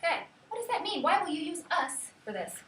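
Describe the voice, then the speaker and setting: A high-voiced woman teaches a class in a bright, clear tone, sometimes sing-songing words to show stress. She is heard from a distance in an echoey classroom with a faint hiss behind her. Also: sing-song, brisk. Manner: sing-song calling out of words to mark syllable stress. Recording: echoey classroom, mic far off.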